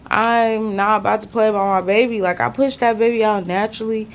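A young woman vlogging casually to her viewers from a hospital room, tired and using relaxed slang. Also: mid-range voice, a little fast, highs cut off, a little hiss or hum. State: exhausted. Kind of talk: casual talk to camera.

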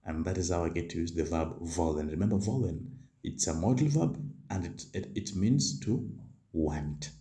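A man teaching a language lesson, repeating each example slowly and patiently with occasional fillers. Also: sits low, mellow, reverberant. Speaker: German language tutor. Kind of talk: slow drill-style language lesson.

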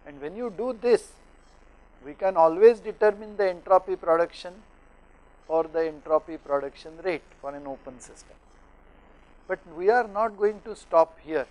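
Man, middle-aged, from India, professor lecturing, slightly high pitch, unhurried with filler pauses. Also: a little mellow, poor audio. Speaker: professor teaching thermodynamics. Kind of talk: lecture to teachers. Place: lecture studio.

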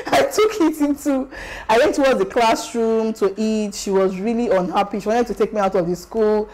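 A young adult Nigerian woman vlogging about her school days, animated and exclamatory, slipping into Pidgin. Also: on the high side, normal speed, noisy background. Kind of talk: casual storytelling vlog.

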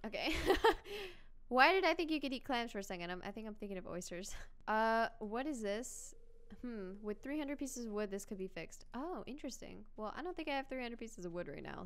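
A young adult woman giving chatty, excitable commentary while playing a video game and reading its text aloud. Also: on the high side, clear, resonant tone. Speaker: gaming channel host. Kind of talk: casual let's-play commentary.

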